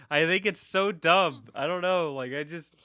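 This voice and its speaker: Podcast co-host, young man, rambling and profane, bright forceful voice, dry close sound. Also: a little high, slow, clean tone, no echo. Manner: rambling, swears a lot, many restarts. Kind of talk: casual chat.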